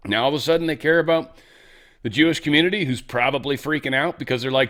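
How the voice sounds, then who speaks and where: A man's voice: fairly high pitch, fast talker, a bit bright. Sarcastic, rambling male commentary host. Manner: loose, sarcastic, rambling, drops into mock voices. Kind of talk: casual political commentary.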